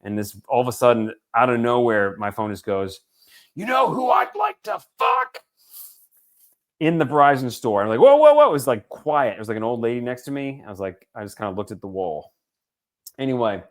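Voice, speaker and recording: A man co-hosting a loose, chatty podcast at an ordinary middle pitch. He rambles, restarts his sentences and keeps the jokes coming, swearing casually as he goes. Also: quick pace. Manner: rambling, jokey, swears freely. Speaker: podcast co-host. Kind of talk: casual chat.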